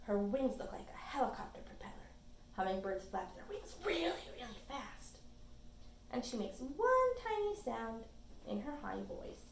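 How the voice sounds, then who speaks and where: A woman librarian leads a storytime read-aloud, her voice pitched high and full of lively swoops. She reads expressively and breaks off for chatty asides to the children. The sound carries a noticeable room echo. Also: normal speed, creaky, slight background noise.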